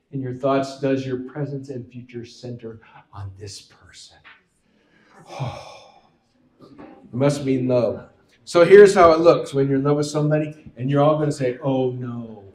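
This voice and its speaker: A man leading worship jokes around during a relaxed church talk, prompting the crowd to respond. His voice is a little high with a darkish tone. Music plays in the spacious sanctuary behind him.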